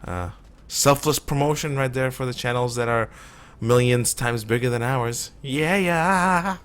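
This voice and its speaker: A man's voice: medium pitch, steady tone, moderate pace, smooth. A man streaming a shooter game live, rambling and opinionated as he plays. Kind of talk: casual live gameplay commentary.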